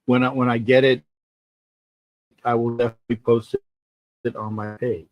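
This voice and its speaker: Casual and rambling, this sports livestream host reads viewer comments and tends to say things more than once. His medium-pitched voice barely moves in pitch, his pace is moderate, and the recording is dry.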